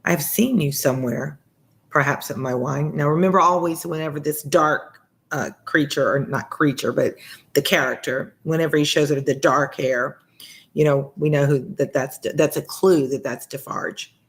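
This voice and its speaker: Tutor, read-along lesson, casual asides, fillers, mid-pitched voice. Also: steady tone, normal speed, fairly bright tone.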